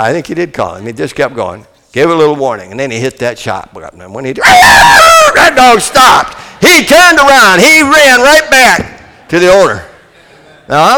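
Older folksy male preacher, animated pitch, sharp bright tone, booming-to-hushed delivery. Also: big-room sound. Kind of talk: sermon.

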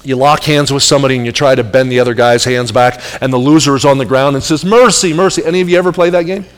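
A middle-aged man preaching a sermon as pastor, animated, with emphatic rising peaks and soft asides. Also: mid-range voice, fast, clear, resonant tone. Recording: long hall reverb.

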